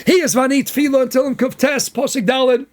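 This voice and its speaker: High-voiced animated rabbi man. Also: fairly quick. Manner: animated, full of rhetorical questions. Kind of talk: Torah lecture.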